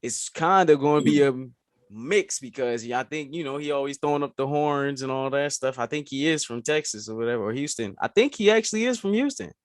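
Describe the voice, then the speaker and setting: Animated man on a podcast, dry sound. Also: medium pitch, a little fast, no echo. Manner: animated, says "bro" often. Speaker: podcast co-host. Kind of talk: casual sports chat.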